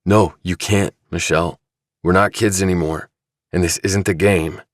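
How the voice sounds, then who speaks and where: A man's voice: sits low, steady tone, normal speed, dry recording, studio quality, natural voice. A male narrator playing a defensive, cornered young man in an audiobook, speaking in tense, snapping lines. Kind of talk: audiobook dramatization.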